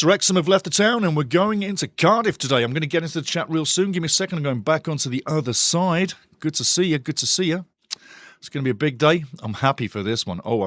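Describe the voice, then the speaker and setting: A man hosting a live football watch-along stream, chatty and excitable as he greets his chat and reads out the lineups. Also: a little high, dry recording. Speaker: watch-along show host.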